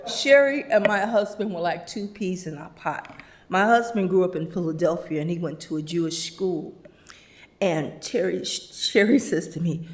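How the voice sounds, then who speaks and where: A woman's voice: lowish voice, a little slow, a little hiss or hum. Brief: middle-aged woman, eulogy storyteller, laughs through anecdotes, mimics voices. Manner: anecdotal, laughs often, acts out quoted voices. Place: funeral service.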